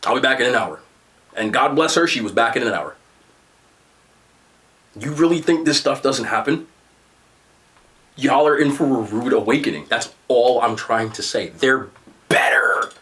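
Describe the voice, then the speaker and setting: A man's voice: moderate pace, pauses often. A young man with a New Jersey accent, telling stories in casual chat as a podcast host. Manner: animated storyteller, excited jumps in pitch.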